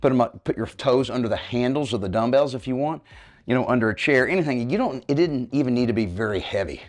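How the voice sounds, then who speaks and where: A man's voice: medium pitch, expressive, fast talker. Out-of-breath middle-aged man coaching workouts. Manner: coaching, checks in with "okay, guys?". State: out of breath while exercising. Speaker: fitness coach. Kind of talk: home workout demonstration. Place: home living room.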